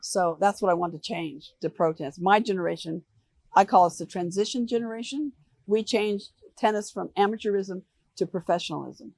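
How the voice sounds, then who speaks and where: An older American woman answering interview questions, telling animated stories and acting out the voices of people she quotes. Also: medium pitch, brisk, no echo. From United States. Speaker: interview guest. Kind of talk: relaxed storytelling interview.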